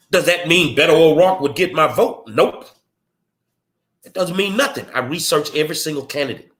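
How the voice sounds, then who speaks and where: This man, a political commentary host, speaks at a moderate pace in a fairly bright, higher-pitched voice. His confrontational monologue is blunt and streetwise, full of rhetorical questions.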